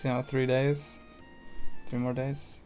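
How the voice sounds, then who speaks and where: A man's voice: mid-range voice, flat delivery, slow pace, a little mellow, soft background music. A man co-hosting a casual let's-play, thinking aloud with hesitant fillers and dry jokes. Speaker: co-host of a gaming channel.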